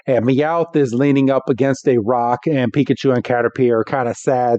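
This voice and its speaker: Male co-host, dark mellow voice, casual recap with character bits, dry muffled audio. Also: mid-range voice, normal speed, few pauses, no room sound. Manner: animated retelling, acting out characters. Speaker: podcast co-host. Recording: dull, dry podcast audio.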